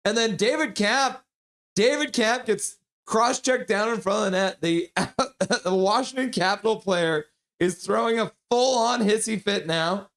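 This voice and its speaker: Man, fairly high voice, casual live play-by-play, jokey, chats with viewers, gets loud on big plays. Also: a little slow, gravelly. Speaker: streamer calling the game live.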